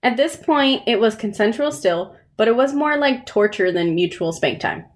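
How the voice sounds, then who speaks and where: Woman co-host, crude and easily grossed out, animated pitch. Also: normal speed. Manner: crude, grossed-out, swears freely. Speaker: podcast co-host. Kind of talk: casual chat.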